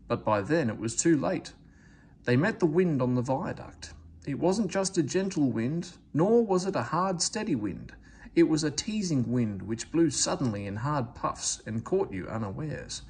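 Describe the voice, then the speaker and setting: A man reading a children's train storybook aloud, with expressive narration. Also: a little high, a little slow, breathy edge. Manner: expressive, lively character reading. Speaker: storybook reader.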